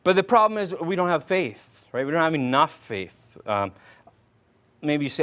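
A man's voice: fairly high pitch, very animated, moderate pace, fairly bright tone. A man preaching a conversational sermon, quoting old-style scripture and often checking in with "right?" as he talks. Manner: informal, repeats "right?" often, restarts words; quotes King James scripture aloud. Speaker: pastor.

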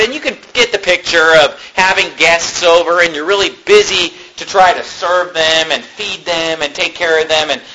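A man's voice: high voice, pushed and bright, a little hiss or hum, low-quality recording. A man preaching a sermon, reading scripture aloud and then explaining it in an earnest, conversational way. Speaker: pastor.

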